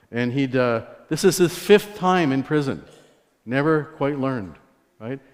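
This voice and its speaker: A man giving a sermon testimony, telling stories in a conversational way with asides to the congregation. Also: medium pitch. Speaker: guest preacher. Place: church sanctuary. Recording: long church hall reverb.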